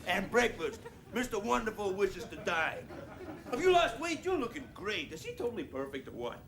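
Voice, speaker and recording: A man playing a brash, over-the-top flattering alter ego, gushing with showy praise, in an old TV clip. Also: sits high, moderate pace, creaky, a crowd in the background, heavily acted.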